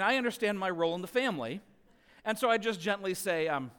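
A man preaching a sermon as a pastor, telling a family story with lively, animated delivery. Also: high voice, quick pace, clear, resonant tone, big-room sound. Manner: animated storytelling, rising loud when acting out scenes.

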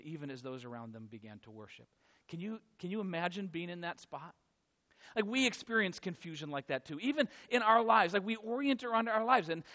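Male pastor, high voice, dramatic sermon storyteller, hushed to loud.

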